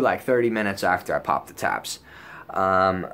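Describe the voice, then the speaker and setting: Young man, casual storyteller, slightly low voice, animated, slangy, swears a lot. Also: moderate pace. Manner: animated, profane, slangy, acts out others' lines.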